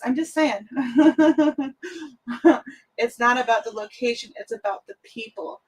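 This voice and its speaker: A woman's voice: fairly high pitch, measured pace, low-quality recording. A young woman hosting a casual craft livestream, chatty and giggly, jumping from topic to topic. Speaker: craft channel host.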